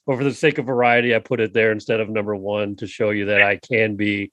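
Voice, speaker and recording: A man's voice: lowish voice, level tone, fast, fairly bright tone, no echo, dull audio. A man hosting a casual podcast chat, playful and teasing as he hands over turns.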